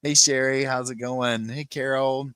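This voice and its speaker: A man's voice: mid-range voice, flat delivery, a little slow, fairly bright tone, smooth, dry recording. A man hosting a casual live-stream chat from home, greeting viewers by name and rambling along with plenty of "like" fillers. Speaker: podcast host. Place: home, on a sofa with dogs nearby.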